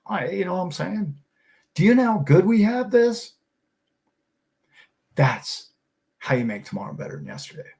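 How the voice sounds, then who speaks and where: A man's voice: fairly high pitch, a little mellow. A middle-aged man hosting a finance show, talking in an enthusiastic, preachy way full of rhetorical questions. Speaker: host of a finance and crypto show. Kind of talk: casual motivational talk.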